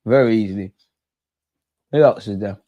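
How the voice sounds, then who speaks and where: A man's voice: lowish voice, normal speed, dry recording, muffled recording. Chatty man hosting a football watch-along. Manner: excitable, chatty, slangy banter. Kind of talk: live fan commentary and chat.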